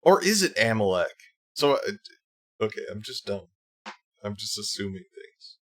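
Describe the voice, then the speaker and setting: A man's voice: fairly low pitch, very animated, moderate pace, a bit bright. A man streaming live, reacting to videos with sarcastic, mocking commentary and frequent laughter.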